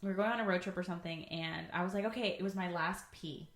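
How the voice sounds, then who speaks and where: A woman's voice: fairly low pitch, fast talker, a bit bright. A woman co-hosting a podcast in casual chat, playful and teasing. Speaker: podcast co-host. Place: Florida. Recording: echoey room.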